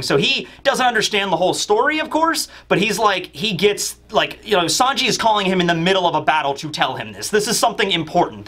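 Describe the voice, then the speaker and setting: A man's voice: a little high, pushed and bright. A man casually retelling a manga chapter, rambling and full of fillers. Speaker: manga reviewer, channel host. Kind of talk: casual recap commentary.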